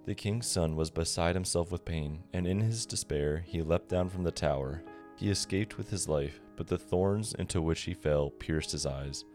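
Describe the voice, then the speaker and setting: A man narrating a bedtime fairy tale on a podcast in a calm, measured reading. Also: sits low. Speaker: podcast storyteller. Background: soft guitar music.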